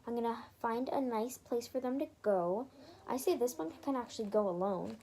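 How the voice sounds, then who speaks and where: A woman with a slightly high voice walks through a craft project in a casual tutorial. Her tone is soft and mellow. She rambles a little and corrects herself as she narrates each step. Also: normal speed.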